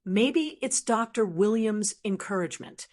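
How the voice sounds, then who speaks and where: A woman with a mid-pitched voice reads a scripted first-person story. Her narration is steady and measured throughout.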